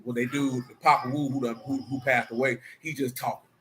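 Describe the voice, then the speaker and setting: Preaching man with a bright voice. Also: mid-range voice, flat delivery, fairly quick, a little hiss or hum. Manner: conversational, streetwise preaching with rhetorical questions. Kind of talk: sermon mixed with casual asides.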